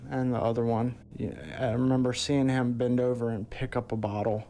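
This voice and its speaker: A middle-aged man recounting a personal experience in a documentary clip, halting and searching for words. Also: mid-range voice, fairly even intonation, darkish tone, faint music behind.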